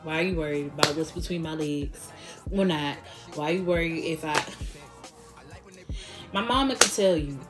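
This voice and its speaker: A young woman vlogger telling a storytime with animated delivery, laughing often and acting out what others said. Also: low-pitched, moderate pace, pauses often, over loud music. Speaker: beauty vlogger. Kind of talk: storytime vlog.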